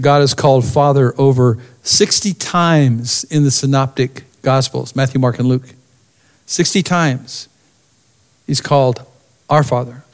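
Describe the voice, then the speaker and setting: A pastor preaches a sermon in a medium-pitched, expressive voice, dropping to a near-whisper for emphasis.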